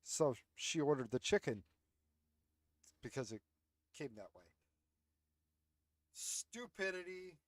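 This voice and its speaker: A man's voice: medium pitch, a little slow, pauses often, no room sound. A man hosting his own commentary show from home, ranting bluntly and sarcastically with plenty of swearing, recorded close on a headset. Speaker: host. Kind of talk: casual commentary.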